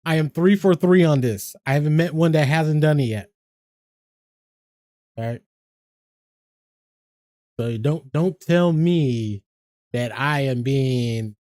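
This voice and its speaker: A man's voice: mid-range voice, darkish tone, no echo, clean studio sound. A man, chatting casually and rambling on his game stream, swearing freely and laughing often.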